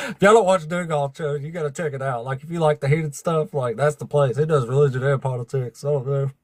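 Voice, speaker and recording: A man's voice: on the high side, a little fast, darkish tone, dry recording. A man hosting a livestream of debates, chatting casually with viewers, swearing freely and laughing often. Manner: profane, laughing, talks to chat.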